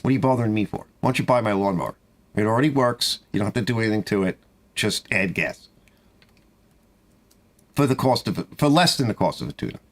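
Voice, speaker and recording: A man's voice: brisk, long pauses. A middle-aged man who runs a small-engine repair shop, telling rambling, exasperated stories about customers in a casual monologue from his garage. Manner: rambling, exasperated storytelling with animated pitch swings.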